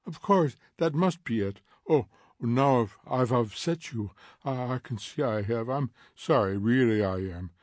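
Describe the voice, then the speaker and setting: A man voicing a curious, gently odd teenage girl who talks softly and stumbles over her words. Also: medium pitch, lively intonation, a little slow, dry recording, studio quality, natural voice. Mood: wondering.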